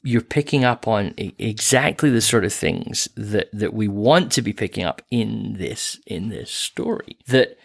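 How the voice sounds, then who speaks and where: Man, podcast co-host, gravelly, patient explainer, light chuckles. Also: on the low side, expressive, unhurried, few pauses, no echo, studio quality. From Canada. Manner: explanatory, laughs lightly, frequent restarts. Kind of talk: explanatory Bible discussion.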